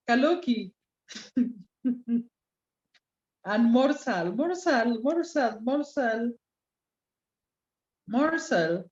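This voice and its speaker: A woman teaches a communication class over a video call, drawing out important terms and calling on students playfully. Her voice sits fairly high and sounds warm and mellow. The call audio is dull and lo-fi. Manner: code-switches into Swahili, teasing students by name; slows down and stresses key terms. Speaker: communication skills lecturer. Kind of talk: online class lecture.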